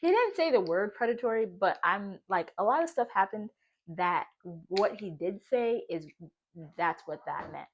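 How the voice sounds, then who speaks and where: A young woman in her twenties, a vlogger telling a dramatic story in casual chat from her home kitchen, animated and exclaiming. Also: medium pitch, a little slow.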